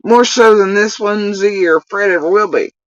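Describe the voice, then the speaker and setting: A woman's voice: mid-range voice, moderate pace, no echo, distant mic, dull audio. A woman ranting heatedly on a livestream, swearing often as she vents. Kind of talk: livestream rant.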